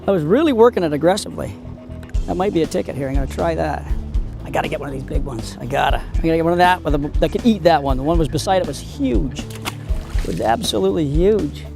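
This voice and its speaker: A man hosting a fishing show, giving excitable, exclamatory commentary outdoors from a boat on a lake. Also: on the high side, a little fast, vocal fry, long pauses, music in the background. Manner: excitable, exclamatory, talks to the fish.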